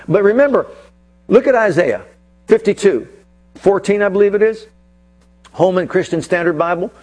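A man preaching a sermon as pastor, retelling scripture with dramatic storytelling and slowing down for emphasis. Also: high voice, darkish tone.

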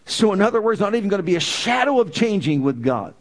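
Emphatic preacher man, fairly high voice. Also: sing-song, fast. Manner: emphatic, repeating phrases with rising intensity. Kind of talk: sermon.

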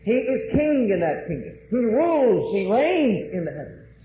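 Male pastor, high voice, emphatic sermon delivery, echoing room with a dull recording. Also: big pitch swings, normal speed. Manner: emphatic, repeats key phrases; addresses the congregation directly. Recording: roomy, dull, faint hiss.

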